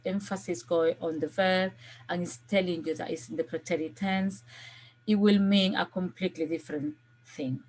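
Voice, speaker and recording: Lowish-voiced woman teaching a video lesson. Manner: patient, checks in with frequent "okay?"; gives step-by-step classroom instructions. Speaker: language teacher.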